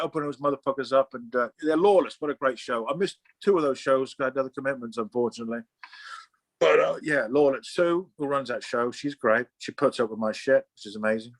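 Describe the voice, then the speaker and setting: A man's voice: medium pitch, no room sound. A middle-aged man from Oxfordshire, a comic artist chatting as an interview guest, rambling and swearing freely with many restarts. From Oxfordshire, England. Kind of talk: casual interview chat.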